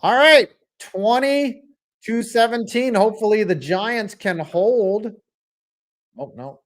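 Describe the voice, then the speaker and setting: Excitable man reacting to a football game live. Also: sits high, takes it slowly. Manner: excitable, rambling, swings between loud outbursts and mumbles. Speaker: sports streamer.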